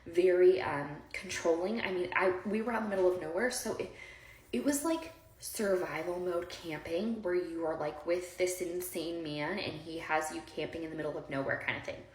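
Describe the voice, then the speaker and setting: A woman's voice: fairly low pitch, moderate pace, a little hiss or hum. A woman casually telling a personal story to her viewers, rambling and heartfelt, with lots of fillers and direct asides to the audience. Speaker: storyteller recounting her own past. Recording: roomy echo.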